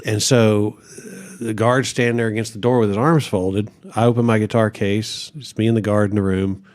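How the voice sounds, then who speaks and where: A man's voice: lowish voice, steady tone, normal speed, a little mellow. A middle-aged man and pastor telling a story in a casual interview, acting out quotes and laughing often.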